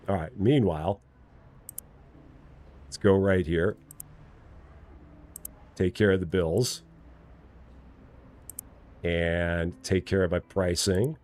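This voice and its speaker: Man, forties, live stream chat, lively swinging pitch, desk mic, soft music underneath. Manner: lively, talking to chat, jokingly challenging; hums and scats while working.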